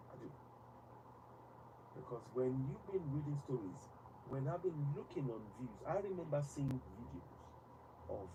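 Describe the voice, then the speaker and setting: Passionate man on a distant, noisy mic. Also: mid-range voice. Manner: passionate, emphatic, halting with restarts. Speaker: host. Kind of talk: live commentary broadcast.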